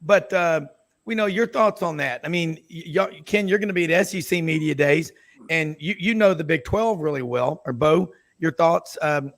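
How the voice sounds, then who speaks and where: Sports radio host, man, gravelly and jokey, rambles into tangents. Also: a little high, normal speed. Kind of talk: casual radio roundtable chat.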